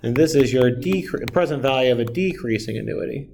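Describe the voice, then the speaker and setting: A man's voice: mid-range voice, expressive, a little fast, creaky, darkish tone, slight background noise. A man teaching a math class, talking students through each step and checking in with frequent tag questions. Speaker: math lecturer. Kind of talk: classroom lecture.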